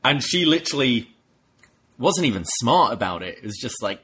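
A man with a husky voice co-hosting a podcast, chatting casually in a dry, matter-of-fact way. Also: medium pitch, big pitch swings, normal speed, a bit bright. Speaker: podcast co-host. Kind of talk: casual wrestling recap chat.

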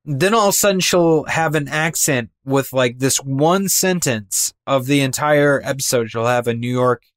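An animated man chatting as a podcast co-host, breaking into quick imitations to make his point. His voice sits in a middle register and is recorded close and dry, with no room sound. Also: medium pitch, dry recording. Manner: animated, mimics voices for effect. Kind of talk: casual chat.

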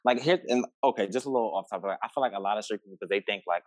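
A man guest on a podcast, telling a personal story in a relaxed, hesitant way. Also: fairly low pitch, very fast, no echo, low-quality recording. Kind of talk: casual chat.

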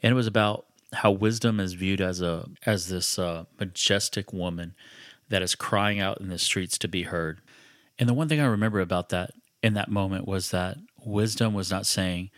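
Low-voiced man telling a personal story. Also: normal speed, no echo, studio quality. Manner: conversational, reflective, frequent restarts. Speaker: podcast host.

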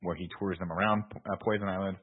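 Fast-talking deep-voiced man on a thin line. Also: fairly even intonation, husky. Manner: swears freely, retells plot with quoted asides. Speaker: podcast co-host. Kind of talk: casual movie recap chat. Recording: tinny phone-like audio.

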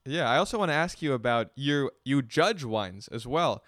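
A man hosting an interview, asking curious, measured questions. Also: medium pitch, expressive, a bit bright, dry recording, clean studio sound. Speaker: interviewer host.

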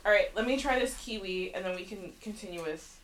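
A woman's voice: medium pitch, a little fast, slight background noise. A young woman co-hosting a podcast in casual chat, blunt and outspoken, swearing freely. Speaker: podcast co-host.

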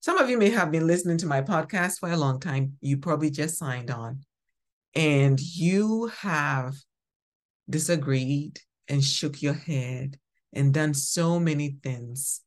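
A woman hosting a faith podcast delivers a scripture teaching with a low, deep-set voice. She takes her time and leans hard on single words to drive each point home. Her unhurried pace gives it the feel of a sermon. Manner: slow, emphatic, preacherly, stresses single words. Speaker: podcast host.

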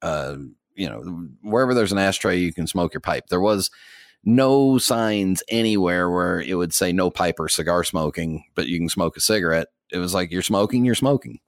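A man's voice: low-pitched, normal speed, no room sound, studio quality. An American man co-hosting a podcast, chatting casually in a rambling way with many fillers and little chuckles. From United States. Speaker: podcast co-host.

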